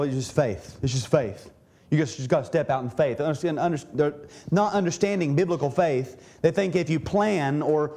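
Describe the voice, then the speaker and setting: A man's voice: a little high, warm tone. Earnest man preaching a sermon. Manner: earnest, repeats words when restarting. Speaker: pastor. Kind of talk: sermon teaching.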